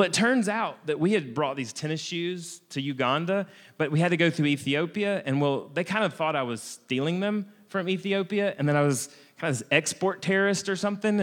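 An American man telling a self-mocking travel anecdote in a lively way, often restarting his sentences. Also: on the high side, big-room sound. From United States. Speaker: storyteller. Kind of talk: comic personal travel anecdote.

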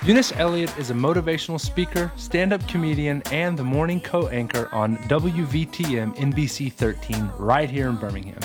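A man's voice: on the high side, moderate pace, few pauses. Male announcer over music and crowd. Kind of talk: scripted announcement.

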